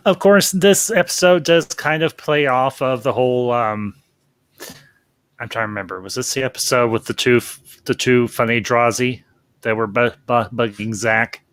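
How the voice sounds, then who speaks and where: A man's voice: medium pitch, fairly even intonation, normal speed, a bit bright, smooth, no room sound. A man hosting a casual livestream chat, folksy and chatty with frequent ums. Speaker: host.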